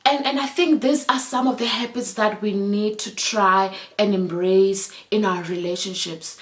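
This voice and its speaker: A woman vlogger in her thirties speaks in a reflective chat vlog. Her pitch sits in the middle, and she talks earnestly and from the heart. She pauses on fillers and restarts her phrases now and then. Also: steady tone.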